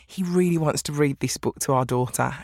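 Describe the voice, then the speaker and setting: A woman talking as a guest in a podcast interview, lively and chatty, often breaking into laughs. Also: very deep voice, a little fast, dry recording, clean studio sound. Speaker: guest author. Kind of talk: casual interview chat.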